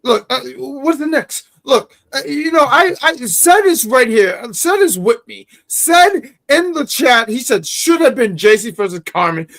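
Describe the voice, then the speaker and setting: Theatrical ranting male co-host, lively pitch. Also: a little slow, few pauses. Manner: theatrical mock-outraged ranting, yelling. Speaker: wrestling review show co-host. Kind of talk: livestream chat.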